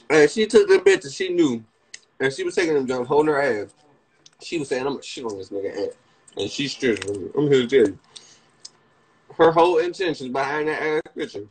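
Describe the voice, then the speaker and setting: Dc area dude going live, voice jumping all over, yelps up high when he quotes himself, cussing nonstop. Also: husky. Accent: Washington DC area. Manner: profane, excitable, jumps into high yelped quotes. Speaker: livestreamer. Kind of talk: rambling livestream chat.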